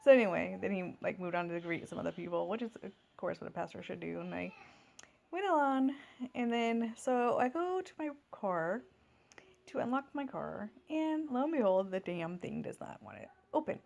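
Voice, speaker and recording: A woman's voice: mid-range voice, expressive, moderate pace, vocal fry, a little mellow. A woman in her thirties telling a long everyday story in a casual vlog at home, rambling with many fillers and restarts. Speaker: vlogger.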